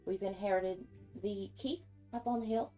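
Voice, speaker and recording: A woman's voice: mid-range voice, normal speed, mellow, soft background music, lightly acted. A woman playing a gracious noblewoman minister in a tabletop game.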